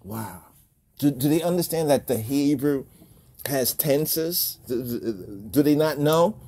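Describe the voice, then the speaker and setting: Slow-talking man asking rhetorical questions. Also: medium pitch, lively intonation, a little mellow. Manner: rhetorical, repeats questions, chuckles often. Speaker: religious video host. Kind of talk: casual monologue.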